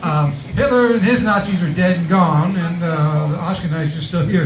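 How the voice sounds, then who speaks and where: A man from Connecticut doing a stand-up comedy set, with a halting, filler-heavy delivery. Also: sits high, reverberant, crowd noise, rough recording. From Connecticut, USA. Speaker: stand-up comic.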